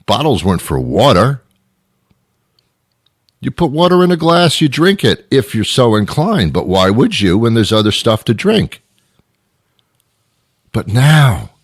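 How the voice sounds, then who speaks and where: A man's voice: on the low side, husky, dry recording, studio quality. A middle-aged man hosting a radio show, delivering an exasperated, rambling comedic monologue full of repeated questions.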